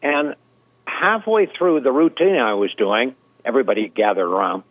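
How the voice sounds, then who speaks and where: A man's voice: medium pitch, big pitch swings, normal speed, dry recording. An older man from Canada, a guest impressionist, telling anecdotes in an interview in an easygoing way with many fillers. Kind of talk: storytelling interview. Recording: dry tinny phone-like line.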